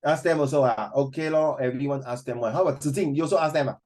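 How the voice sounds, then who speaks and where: A man's voice: mid-range voice, fast, darkish tone. A middle-aged male teacher with a Singaporean accent leads a classroom discussion, teasing his students and calling on them by name. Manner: teasing, mixes English and Mandarin, calls on students by name.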